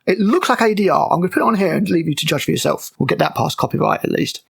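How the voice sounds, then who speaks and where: A man's voice: high voice, animated, fast talker, gravelly, fairly bright tone, breathy edge. A man recapping and tearing apart a TV episode with sarcastic, exasperated commentary and frequent swearing. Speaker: show reviewer.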